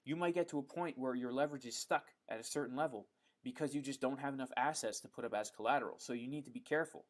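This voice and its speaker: A man hosting a live stream, reading out viewer questions and answering them in a relaxed, chatty way, with frequent ums and the odd "bro". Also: medium pitch, quick pace. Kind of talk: casual live Q&A chat.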